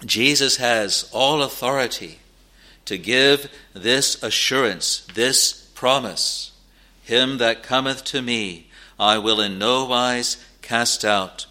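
Male preacher, mid-pitched and bright, earnest sermon delivery with slow emphatic stresses. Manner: earnest, pleading with listeners, slow stressed phrases.

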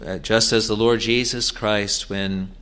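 A man preaching a sermon in an earnest, halting way, with many fillers and restarts, rising to emphatic declarations. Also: fairly low pitch, steady tone, fairly bright tone, clear, resonant tone.

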